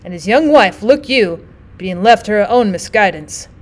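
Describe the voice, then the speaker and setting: A woman's voice: medium pitch, lively intonation, unhurried. A woman reading the part of a pious, talkative male townsman who explains earnestly. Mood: explaining. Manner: earnest, chatty.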